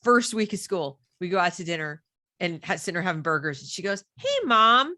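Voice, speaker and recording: A woman's voice: fairly low pitch, quick pace, no echo, studio quality. A middle-aged woman telling a story in casual conversation, acting out the voices of the people she quotes. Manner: animated, acts out quoted dialogue. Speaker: podcast guest.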